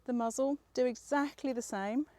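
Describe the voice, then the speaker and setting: A woman's voice: high voice, normal speed, a crowd in the background. A woman dog trainer, patiently explaining a training exercise step by step and encouraging the dog. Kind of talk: hands-on dog training instruction.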